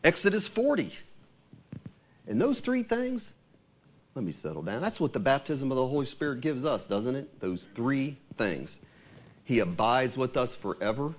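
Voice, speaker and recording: A man's voice: mid-range voice, big pitch swings, normal speed. A man preaching a conversational sermon in a church, often asking his listeners tag questions like "right?". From Ohio. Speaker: pastor.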